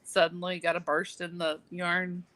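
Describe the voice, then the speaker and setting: A woman's voice: lowish voice, little pitch movement, moderate pace, fairly bright tone, dry recording, low-quality recording. A woman chatting casually on a video call, self-deprecating and laughing often. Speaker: podcast co-host. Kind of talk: casual chat. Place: home, packing for a trip.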